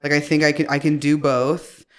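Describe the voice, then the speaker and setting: A woman's voice: deep voice, moderate pace. A young woman, a podcast guest, chatting casually and telling stories with lots of swearing and laughter. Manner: animated storyteller, swears freely, laughs often.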